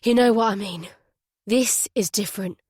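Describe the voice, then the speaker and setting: A woman's voice: mid-range voice, normal speed, a little mellow, slightly rough, no echo, studio quality. A woman voicing a firm, insistent male detective inspector in an audiobook. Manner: firm, urgent, polite but insistent. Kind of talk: audiobook character voice.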